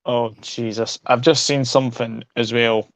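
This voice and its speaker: A man's voice: mid-range voice, a little slow, dry recording. A man hosting a casual football show, chatting and reading out viewer predictions. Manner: relaxed, reads out viewer predictions.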